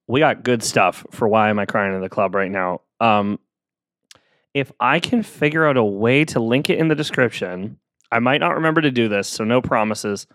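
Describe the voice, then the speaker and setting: A man's voice: medium pitch, a bit bright, no room sound. A man hosting a solo podcast, talking in a rambling, earnest, self-deprecating way with many fillers, close to the mic. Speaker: podcast host. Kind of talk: casual solo podcast monologue.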